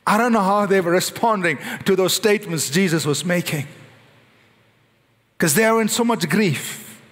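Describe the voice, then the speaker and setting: Male pastor, high voice, animated sermon delivery, big echoing church. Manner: animated preaching, slowing and rising on quoted prayers. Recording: long hall reverb.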